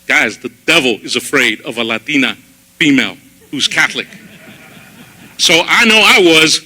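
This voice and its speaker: A man giving a personal testimony sermon at a church service, telling his story in an animated way and acting out his own past words. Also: medium pitch, moderate pace, rough recording.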